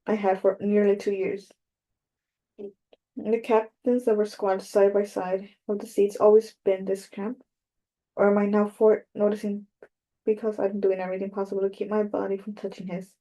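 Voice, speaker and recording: A woman giving a measured, even first-person audiobook narration. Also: medium pitch.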